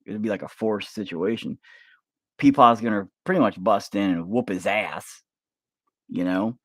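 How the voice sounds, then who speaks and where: A man in a casual, profane, rambling monologue, pitching a movie plot while working with his hands at home. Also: unhurried, dry recording, studio quality. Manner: rambling, profane, acts out scenes. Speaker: vlogger pitching a film idea. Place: home office while carving.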